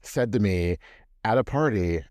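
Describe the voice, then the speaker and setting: A man's voice: fairly low pitch, unhurried, dry recording, studio quality. A young man co-hosting a podcast, chatting casually about reality TV and acting out what people said. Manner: animated, acts out quoted voices. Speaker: podcast co-host. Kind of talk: casual chat recapping reality TV.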